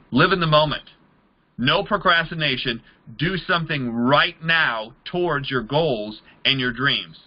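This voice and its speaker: A man's voice: medium pitch, dull audio. A man leading a motivational sales training, talking in an emphatic, repetitive coaching manner. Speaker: MLM trainer.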